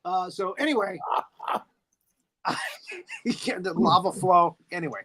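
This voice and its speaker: A man co-hosting a podcast, recapping a monster movie in a lively way, laughing often and acting out the scenes. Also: high voice, slow pace, long pauses. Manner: animated, laughing, acts out scenes. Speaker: podcast co-host.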